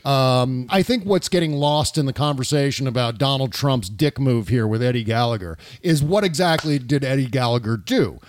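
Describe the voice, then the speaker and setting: A man's voice: mid-range voice, expressive, moderate pace, hardly any pauses, dry recording. Blunt, dry-voiced man hosting talk. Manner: blunt, profane, with frequent filler "uh". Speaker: podcast host. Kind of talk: casual political chat.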